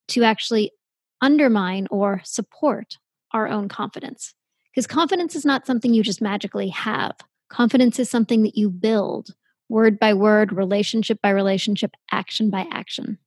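A woman's voice: medium pitch, a little mellow, dry recording. Woman podcast host, effusive intro read, dry close sound. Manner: upbeat, effusive.

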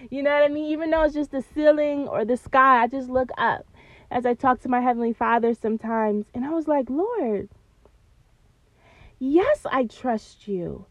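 A woman's voice: high-pitched, normal speed, dry recording, dull audio. Earnest woman podcast host. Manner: earnest, preacherly, addresses listeners as y'all. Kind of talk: faith-based podcast talk.

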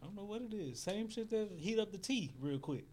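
A man's voice: high-pitched, animated, fairly quick, darkish tone. Laid-back male podcast guest, faint noise. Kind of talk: casual chat.

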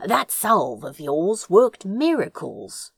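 A woman's voice: lowish voice, big pitch swings, takes it slowly, gravelly, breathy edge, dry recording, heavily acted. A woman voicing a dry, teasing masked young man who speaks in a wry, understated way. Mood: reassuring.

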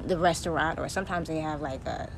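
A woman's voice: low-pitched, fast, background noise. A young woman hosting a podcast, ranting bluntly and profanely in a casual monologue. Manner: profane, blunt, heated storytelling. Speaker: podcast host.

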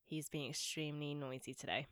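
A woman's voice: low-pitched, steady tone, a little fast, fairly bright tone, no echo, studio quality. Teasing woman podcast co-host. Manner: teasing, laughs often, asks follow-up questions. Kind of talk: casual chat.

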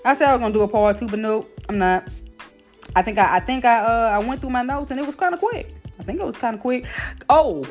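A woman's voice: on the high side, quick pace, soft background music. A woman hosting a faith podcast, talking straight to her listeners in an emphatic, preaching manner. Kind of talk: casual faith talk, preaching.

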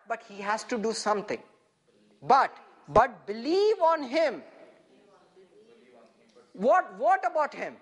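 A man's voice: very high-pitched, very animated, a bit bright. A man preaching a sermon with emphasis, having his listeners repeat verses after him and asking for agreement after nearly every point. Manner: emphatic, has the congregation repeat lines; reads verses slowly, stressing each phrase.

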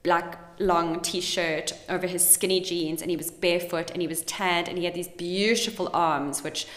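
A woman with a lowish voice talks through a personal experience in a candid, gushing way, leaning on "like" and "you know". Her voice rings with a long, lingering reverb. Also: steady tone, moderate pace, a bit bright. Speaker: podcast host. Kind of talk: personal storytelling monologue.

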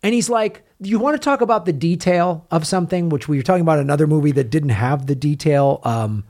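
A man's voice: on the high side, a little fast. A man hosting a casual film podcast, telling a story with energy and retelling what others said. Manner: animated storyteller, retells quotes. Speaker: podcast host. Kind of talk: casual film review chat.

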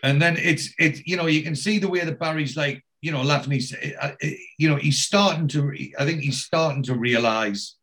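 A man's voice: on the high side, moderate pace, hardly any pauses, fairly bright tone. A man casually recapping a TV episode as a podcast co-host, telling the story in a rambling way. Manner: rambling storyteller who acts out the characters.

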